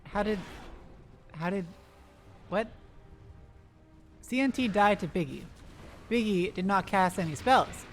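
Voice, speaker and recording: An esports caster giving live play-by-play commentary, rapid-fire and excitable, breaking into loud exclamations and talking to the players on screen. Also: mid-range voice, faint music behind. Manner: talks to the players on screen, self-deprecating asides.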